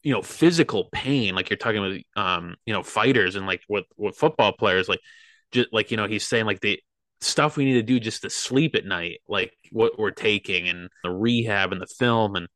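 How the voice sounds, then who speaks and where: Young guy rambling on a podcast, bright forceful voice, dry close sound, kinda low. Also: moderate pace, dry recording. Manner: rambling, earnest, many fillers. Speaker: podcast guest, athlete. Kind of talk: casual podcast chat.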